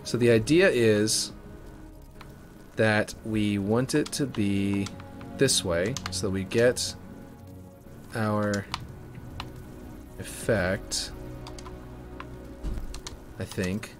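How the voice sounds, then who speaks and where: A man giving casual, rambling commentary as he builds a game map, thinking out loud and correcting himself as he goes. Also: on the low side, drawn-out words, long pauses, over music.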